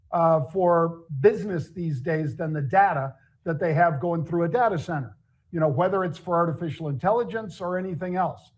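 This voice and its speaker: A middle-aged man co-hosting a casual market talk show, chatty and jokey. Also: sits high. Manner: chatty, jokey, laughs at own stories. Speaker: show co-host.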